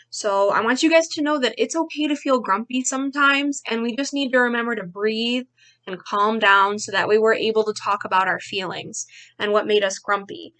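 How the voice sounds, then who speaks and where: A young woman teacher reading a picture book aloud to children, expressive and playful with the sound words, then chatting to the kids about activities. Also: mid-range voice.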